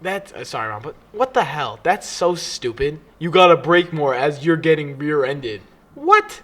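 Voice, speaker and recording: A young man co-hosting a casual podcast, spinning stories with plenty of energy. He swears freely and keeps slipping into impressions of the people he describes. His voice sits a bit higher than most men's. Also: moderate pace. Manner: animated storytelling, swears freely, mimics people. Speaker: podcast co-host. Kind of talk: casual chat.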